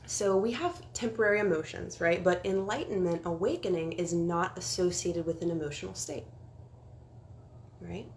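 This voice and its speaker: A woman's voice: fairly low pitch, moderate pace, darkish tone, a little hiss or hum. A young woman, a spiritual life coach, talking casually on a livestream, earnest and sometimes dropping to a whisper. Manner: earnest, drops to whispers for emphasis. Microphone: phone.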